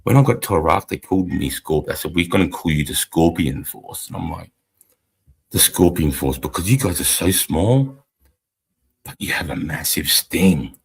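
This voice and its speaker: Gravelly deep Australian army veteran. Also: male voice, expressive, normal speed. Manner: blunt, profane, rambling storytelling. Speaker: army veteran podcast co-host. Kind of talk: casual live-stream chat.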